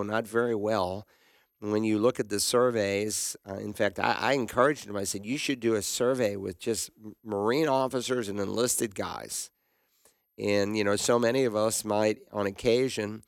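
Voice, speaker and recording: A man's voice: on the low side, gravelly, no echo, studio quality. A man hosting a Bible call-in radio show, talking in an opinionated, conversational way with frequent fillers.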